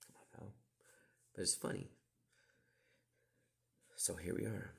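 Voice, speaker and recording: A middle-aged podcast host talks slowly in a low, gravelly voice with fairly even intonation. His storytelling monologue rambles, swears, digresses, and often slips into whispered asides.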